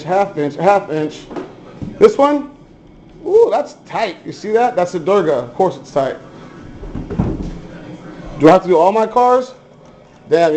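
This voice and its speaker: A man's voice: sits high, dark tone, rough recording. A man giving a casual, chatty show-and-tell of his hobby cars, offhand and swearing now and then. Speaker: RC hobby vlogger.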